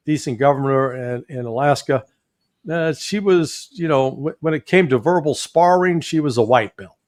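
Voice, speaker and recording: A man with a Midwestern accent, a guest commentator talking politics in a folksy, animated way with joking asides. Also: medium pitch, no echo, clean studio sound. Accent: Midwestern American.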